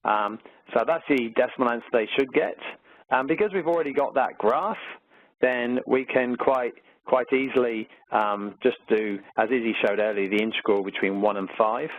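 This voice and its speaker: An Australian maths teacher presents a webinar, chatting his way through exam questions with lots of fillers and an upbeat attitude toward the material. His voice is mid-range at a normal speed. The audio is tinny, phone-like and dry.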